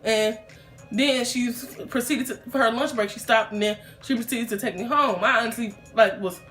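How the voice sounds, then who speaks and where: A young woman tells a personal story in a loose, chatty vlog style, restarting sentences and leaning on fillers. Her voice sits a little high. Soft music plays faintly underneath. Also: normal speed. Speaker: YouTuber telling a storytime.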